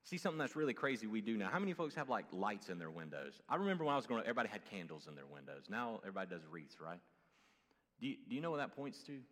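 A man with a light Southern US accent preaching a sermon as pastor, swinging between loud exclamations and hushed low asides. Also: very animated, very fast, in a large hall.

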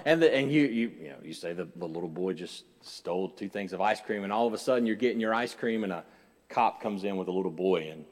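A man's voice: low voice, expressive, fast talker. Preaching pastor man in a reverberant hall. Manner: swings between loud urgent preaching and quiet conversational storytelling. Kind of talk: sermon.

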